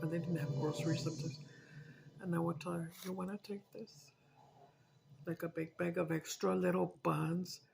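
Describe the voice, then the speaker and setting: A woman's voice: on the low side, creaky, darkish tone, slight background noise. A woman chatting casually in a vlog, telling stories with feeling, swearing and slipping in Spanish. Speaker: mukbang vlogger. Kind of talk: casual storytelling chat.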